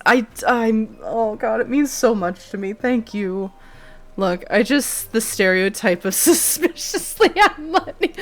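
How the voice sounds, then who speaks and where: Slow-talking woman streamer, casual. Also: medium pitch. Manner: chatty, swears casually, thanks viewers by name. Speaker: live streamer. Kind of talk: casual live-stream chat.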